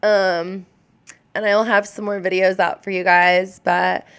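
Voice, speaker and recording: A woman's voice: mid-range voice, level tone, measured pace, clear, resonant tone. A woman in her thirties chatting casually on a live stream, rambling and openly emotional, with lots of filler words. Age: 30s. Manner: warm and openly emotional toward viewers. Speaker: live streamer answering viewer questions.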